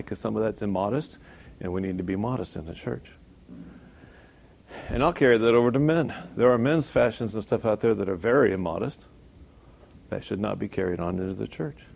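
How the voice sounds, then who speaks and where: Male preacher, gravelly, conversational delivery with sudden loud emphasis and acted-out quotes. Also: on the low side. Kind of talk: sermon.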